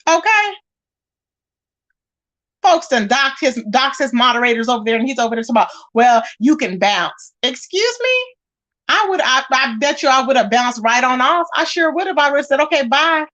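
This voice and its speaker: High-voiced woman gossiping on a livestream. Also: a little fast. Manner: animated, dramatic, acts out quotes. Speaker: livestream host reading chat. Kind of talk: casual gossip livestream chat.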